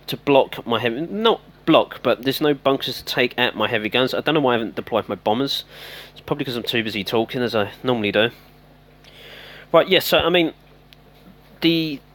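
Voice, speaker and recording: A man talks through his game at a desk mic, chatty and rambling. He loses his train of thought and grows exasperated as things go wrong. His voice sits at a middling pitch for a man. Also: fairly bright tone. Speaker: gameplay commentator. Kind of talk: casual game commentary.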